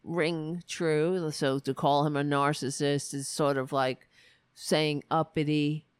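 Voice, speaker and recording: A woman's voice: low-pitched, little pitch movement, slow, clean tone, no room sound. Sarcastic, profane woman ranting. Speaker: political commentary host. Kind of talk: political commentary rant.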